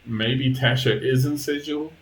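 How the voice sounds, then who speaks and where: A man running a tabletop game as dungeon master, explaining the situation in a measured way. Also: mid-range voice, steady tone, a little hiss or hum, low-quality recording. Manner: measured, explaining rules and lore.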